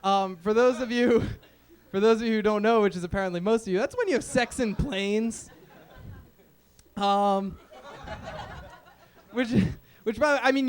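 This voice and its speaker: High-voiced young comedian. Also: male voice, clear, resonant tone. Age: young adult. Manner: rambling, self-deprecating, lots of fillers. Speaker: stand-up comedian. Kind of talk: stand-up comedy set. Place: small open-mic venue stage.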